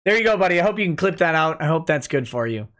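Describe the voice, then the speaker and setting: A man hosting a live stream, reading viewer messages aloud with quick joking asides. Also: fairly high pitch, very animated, fairly bright tone. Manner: drinking whiskey while talking. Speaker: host. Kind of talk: livestream chat reading super chats.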